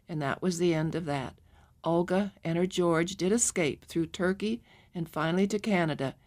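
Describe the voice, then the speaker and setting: Audiobook narrator: woman, low voice, calm and measured. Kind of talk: scripted memoir narration.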